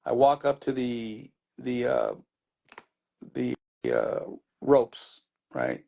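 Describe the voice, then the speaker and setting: A man's voice: mid-range voice, big pitch swings, drawn-out words, vocal fry, warm tone. A middle-aged man, a DJ being interviewed, telling his story in a loose, rambling way with many restarts. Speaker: DJ guest.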